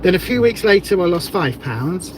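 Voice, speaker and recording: A woman's voice: on the low side, very animated, moderate pace, darkish tone, a little hiss or hum, poor audio. Woman, casual livestream co-host, rambling talker, lots of ums. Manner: chatty, rambling, with many fillers.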